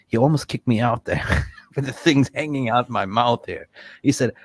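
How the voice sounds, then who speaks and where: A man hosting a casual fan chat over a call, telling animated stories and swearing freely. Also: mid-range voice, normal speed, no room sound. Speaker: fan show host.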